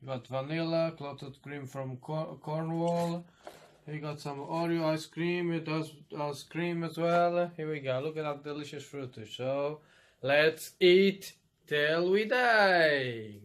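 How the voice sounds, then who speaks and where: A man's voice: a little high, fairly even intonation, unhurried, darkish tone, a little hiss or hum. A man with a Portuguese accent hosting a food show, chatting eagerly and ending lines with "eh?". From Madeira, Portugal. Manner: enthusiastic, ends lines with "eh?". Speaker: mukbang co-host. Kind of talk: casual food chat.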